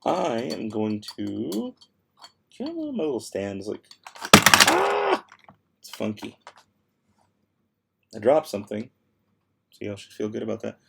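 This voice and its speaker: A man's voice: fairly low pitch, moderate pace, vocal fry, pauses often, background noise. A young man hosting a casual livestream, reading viewer comments aloud while he works, laid-back but a little tired and worn-voiced. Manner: laid-back, easily exasperated, mumbles while working. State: tired, losing his voice. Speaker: livestream host.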